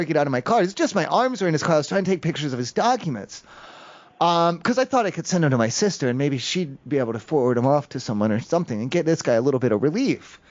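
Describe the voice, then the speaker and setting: Rambling man on a muffled call. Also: fairly high pitch. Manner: rambling, meandering storytelling with many fillers. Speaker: prank caller. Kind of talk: prank phone call. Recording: muffled phone call audio.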